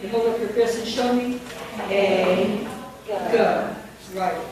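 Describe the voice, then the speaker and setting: A woman's voice: fairly high pitch, fairly even intonation, fairly quick. A woman leading a teacher training workshop, dictating words and quizzing the room. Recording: very echoey room from far off, with noise.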